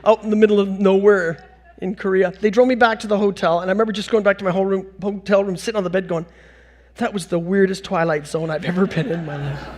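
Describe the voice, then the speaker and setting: On a conference hall stage, a middle-aged North American man delivers a storytelling keynote, spinning funny tales in a high, bright voice. His quick, animated delivery has a self-mocking bounce, and he laughs right through his own punchlines.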